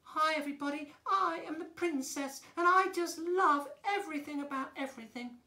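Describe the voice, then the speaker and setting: A man voicing a young, bubbly princess with a high, gushing voice. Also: moderate pace, roomy sound, full character voice. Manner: gushing and bright.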